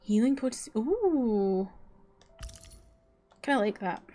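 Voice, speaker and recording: A woman's voice: a little high, sing-song, takes it slowly, warm tone, slight background noise. A young woman streaming a game, chatting with viewers in a bubbly, casual way, full of likes and laughs. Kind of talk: casual chat.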